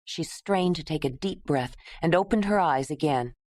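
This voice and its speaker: A woman narrating an audiobook in a measured, steady way. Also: low-pitched, dry recording.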